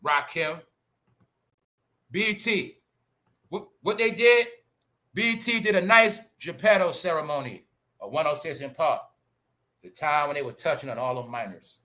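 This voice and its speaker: Guy with ranting on his livestream, sharp bright voice, loud one sec and muttering the next, keeps asking y'all questions. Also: moderate pace, pauses often. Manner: animated, swinging between loud outbursts and low mutters; rhetorical questions to the audience, repeats "y'all" and "huh". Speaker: commentary channel host. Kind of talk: casual livestream commentary.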